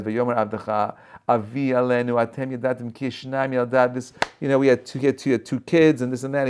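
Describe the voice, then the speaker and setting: Emphatic man asking rhetorical questions. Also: mid-range voice. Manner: animated storytelling with many rhetorical questions; peppers speech with "right?" and "okay?". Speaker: rabbi. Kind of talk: short inspirational Torah talk. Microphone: video call.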